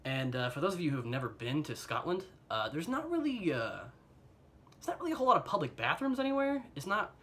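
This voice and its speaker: A man's voice: fairly high pitch, big pitch swings, fast talker, sharp tone, a little hiss or hum. A young American man telling an embarrassing personal story in a casual, rambling way, self-mocking and filled with fillers and chuckles, recorded on a phone camera. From United States.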